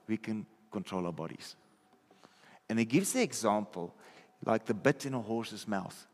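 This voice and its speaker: Man preaching in a reverberant hall. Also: on the low side. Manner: conversational, checks in with listeners often. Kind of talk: sermon. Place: church hall.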